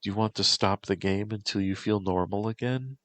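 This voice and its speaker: A man's voice: lowish voice, moderate pace, fairly bright tone, dry recording, pitched above the performer's own voice, lightly acted. A man voicing a bossy, tough young female soldier who gives orders and teases. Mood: firm. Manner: commanding, teasing.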